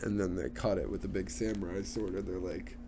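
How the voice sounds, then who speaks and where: Over background music, a young man with a low-pitched voice and fairly even intonation talks a little fast on his casual solo podcast. His rant wanders and turns crude, full of filler words and put-on voices.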